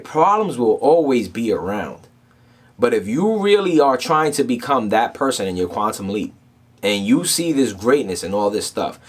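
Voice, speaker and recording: A man's voice: on the low side, breathy edge. A man hosting a casual motivational talk, telling stories in a loose, streetwise way and often checking in with "right?". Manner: streetwise, animated storytelling with frequent "right?". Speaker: motivational podcast host.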